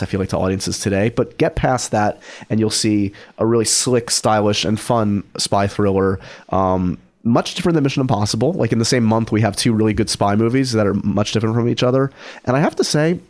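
A man with a fairly low voice hosts a casual podcast. He talks in an enthusiastic, rambling way, full of ums and asides. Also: brisk, a little mellow. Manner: chatty, enthusiastic, many fillers. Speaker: podcast host. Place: small office studio.

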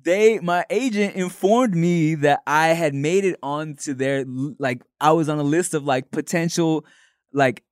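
A man co-hosting a podcast, animated and laughing, telling a story in casual chat full of fillers. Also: on the high side, a little slow, no echo, clean studio sound. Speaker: podcast co-host, actor.

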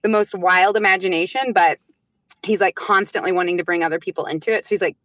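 Lively mom telling stories, dry close mic. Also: female voice, fairly low pitch, quick pace, no echo. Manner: lively storyteller who acts out her kids' voices. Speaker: podcast guest. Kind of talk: casual chat.

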